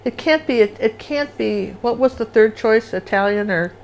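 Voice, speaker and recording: A woman's voice: a little high, moderate pace, a little mellow, a little hiss or hum. A woman hosting a live painting lesson, chatty and rambling, humming little rhythms as she sketches. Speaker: painting instructor and show host.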